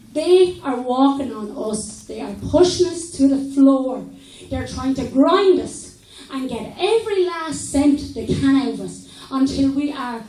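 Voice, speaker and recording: An Irish woman speaks up at a public meeting, frustrated and indignant, plain-spoken. Her voice is high but mellow. She is heard from a distance in an echoey hall. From Ireland. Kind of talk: impassioned speech from the floor. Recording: echoey hall, mic from far off.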